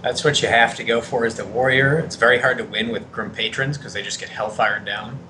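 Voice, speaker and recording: A man's voice: mid-range voice, steady tone, brisk, bright, forceful tone, a little hiss or hum, rough recording. A man doing color commentary on a card game match, adding short agreements and explaining strategy. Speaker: esports co-caster.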